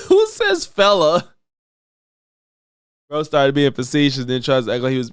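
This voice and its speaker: A man giving casual reaction commentary on a stream, blunt and profane, with a fairly high voice. His tone is smooth and resonant, and the sound is dry and close. He often mocks the people he reacts to by imitating them. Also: wildly swooping pitch, a little slow, pauses often, dry recording. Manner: blunt, profane, mocking impressions of others.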